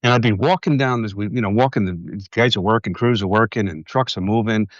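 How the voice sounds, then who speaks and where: A man with a New York City accent, a podcast guest telling lively stories in casual chat. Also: on the low side, fairly quick, no echo, lo-fi sound. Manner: lively anecdotal storyteller. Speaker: podcast guest, industry board chair.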